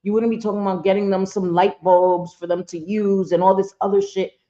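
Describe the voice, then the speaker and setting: A woman's voice: medium pitch, little pitch movement, a little fast, hardly any pauses, dark tone. A woman on a live stream talking bluntly and heatedly to her chat, often swearing as she comments. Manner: talks straight to viewers and chat. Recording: dull lo-fi stream audio.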